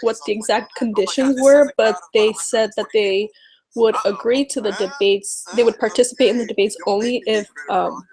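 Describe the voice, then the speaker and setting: Brief: woman political vlogger, slightly high voice, anxious and fed up, rambling casual talk. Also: moderate pace, low-quality recording. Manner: nervous, exasperated and animated, mocking others in quotes; heavy use of fillers like "um" and "you know". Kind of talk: casual chat to camera.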